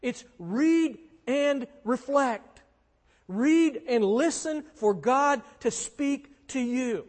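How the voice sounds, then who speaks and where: A man's voice: very high-pitched, lively intonation, extremely slow. A man preaching as a pastor, earnest and conversational, driving points home with emphatic repetition. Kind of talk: sermon. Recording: long hall reverb.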